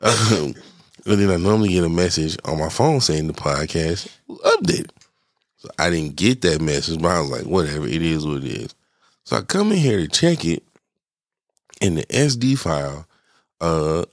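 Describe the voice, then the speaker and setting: A man's voice: low-pitched, sing-song, moderate pace, no room sound, clean studio sound. A middle-aged man hosting a casual solo podcast, sounding congested and talking in a loose, rambling way that keeps interrupting itself. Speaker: podcast host.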